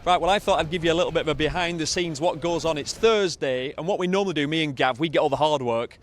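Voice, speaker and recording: A man, a TV pundit, explaining the behind-the-scenes routine in a brisk, matter-of-fact way. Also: fairly high pitch, slight background noise.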